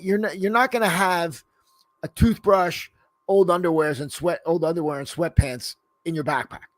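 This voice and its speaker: A man's voice: fairly high pitch, dry recording. A man co-hosting a podcast in loose, rambling casual chat, swearing freely and filling gaps with "you know.". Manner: rambling and profane, full of "you know" fillers. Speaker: podcast co-host.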